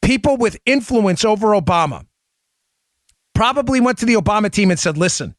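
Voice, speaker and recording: A man hosting a talk show, speaking rapidly and emphatically and addressing listeners directly on a close studio mic. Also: high voice, lively intonation, dry recording. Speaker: show host. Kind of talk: opinion talk show monologue.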